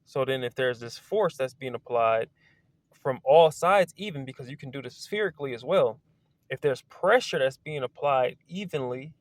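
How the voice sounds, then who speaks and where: A man's voice: mid-range voice, moderate pace, no echo. Rambling man talking outdoors, dry sound. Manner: excitable, wandering, swears casually. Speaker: video creator. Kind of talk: casual rambling monologue. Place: outdoors among trees.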